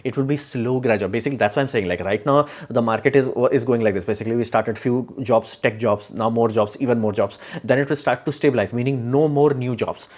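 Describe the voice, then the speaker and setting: A man speaks off the cuff on a live stream, his voice sitting at an ordinary middle pitch. He is opinionated and rambling, with frequent fillers and restarts. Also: quick pace, hardly any pauses, darkish tone. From India. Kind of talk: casual live stream talk.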